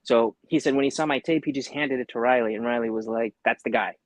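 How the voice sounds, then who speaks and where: Speaking quickly at a medium pitch with no audible room sound, a male actor guest recounts a story in a casual interview. His telling is lively, full of fillers, and he performs the quoted voices of others.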